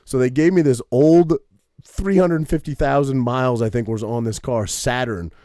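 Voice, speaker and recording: A podcast co-host from Maine tells a long story in a casual, profane, animated way, tagging his sentences with "right?". His voice is mid-range at a moderate pace, captured dry with clean studio sound.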